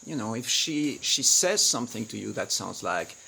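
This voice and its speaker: A man's voice: medium pitch, animated, moderate pace, gravelly, pushed and bright, slightly rough. A man hosting a teaching webinar, who acts out quoted lines with sudden jumps in volume. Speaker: webinar host and relationship coach. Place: home studio in rice fields, outdoors nearby.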